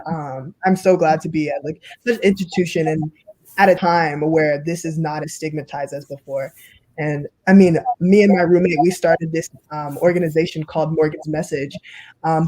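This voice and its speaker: A woman's voice: deep voice, a little mellow, no room sound, rough recording. A young woman who is a college athlete, speaking earnestly as an advocate on a casual panel. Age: young adult.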